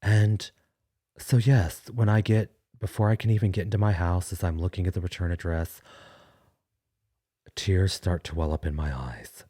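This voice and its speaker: Man doing a weepy gushing male caller, deep husky voice, dry close sound, comedy bit. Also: normal speed, dark tone, no room sound. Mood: tearful gushing. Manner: weepy, gushing, dramatic apologies. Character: overly sentimental male caller Gil.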